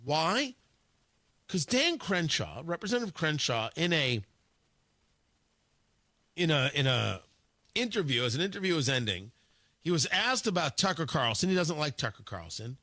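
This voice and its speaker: Man, radio host, combative monologue, bright forceful tone, dry studio sound. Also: a little high, sing-song, moderate pace, long pauses, dry recording. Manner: emphatic, combative, repeats words for emphasis. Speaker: radio talk show host. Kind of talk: opinionated talk radio monologue.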